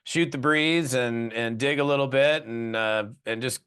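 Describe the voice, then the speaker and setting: A man's voice: medium pitch, unhurried, fairly bright tone, clean tone. A man from the US West Coast hosting an interview podcast, chatting casually and joking with his guest. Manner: jokey, friendly, says "you know" and "uh" a lot. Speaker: podcast host.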